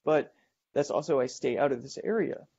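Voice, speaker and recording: A man hosting a show, telling a first-person ghost story in a halting way, with many fillers and restarts as he builds suspense, in a dull lo-fi recording. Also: fairly high pitch, lively intonation, gravelly, mellow, slightly rough. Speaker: host.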